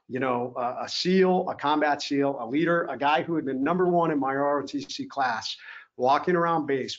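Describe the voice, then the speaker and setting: Earnest man telling a story. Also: medium pitch. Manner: earnest, acts out quoted officers. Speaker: keynote speaker. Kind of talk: motivational storytelling talk. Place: event hall. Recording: slightly dull lo-fi sound.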